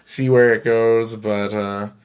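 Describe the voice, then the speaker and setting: A man's voice: fairly low pitch, level tone, slow pace, darkish tone, clean tone. Rambling Canadian guy telling a story. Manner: rambling, laughs often, swears freely. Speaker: podcast host. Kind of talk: casual storytelling monologue.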